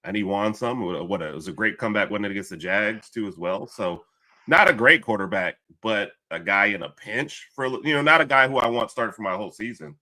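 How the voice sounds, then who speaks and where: A man's voice: lowish voice, lively intonation, fairly quick, sharp tone. A man on a sports talk panel who speaks casually and laughs through his points.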